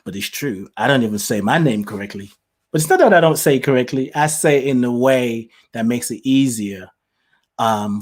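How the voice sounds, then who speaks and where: A man hosting a live show in a casual monologue, speaking with a mixed British, Nigerian and Southern US accent. He is chatty and animated and laughs often. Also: mid-range voice. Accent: mix of British, Nigerian and Southern US. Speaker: host.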